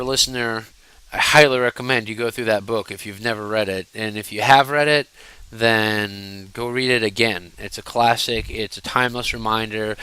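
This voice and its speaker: Animated, bright-voiced male storyteller. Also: mid-range voice, smooth, low-quality recording. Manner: animated, digressive, addresses viewers directly; fidgety while talking. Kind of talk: casual storytelling to camera.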